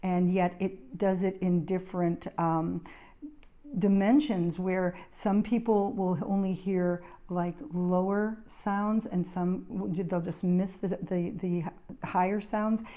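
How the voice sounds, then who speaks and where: A woman's voice: fairly low pitch, fairly even intonation, slow, mellow. A middle-aged woman, an occupational therapist hosting her own show, giving casual advice and telling anecdotes in a chatty way. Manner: chatty storyteller, anecdotes with acted quotes. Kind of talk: casual advice talk to camera.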